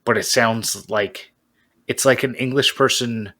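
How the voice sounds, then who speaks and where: A man's voice: mid-range voice, steady tone, a little slow, pushed and bright. A man co-hosting a podcast, chatting in an easygoing, agreeable way. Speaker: podcast co-host. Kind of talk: casual podcast chat.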